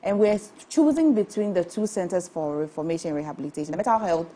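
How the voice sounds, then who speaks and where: A woman's voice: on the low side, lively intonation, fast talker, mellow. A woman with a Ghanaian English accent hosting a studio panel discussion, probing with questions. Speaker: show host.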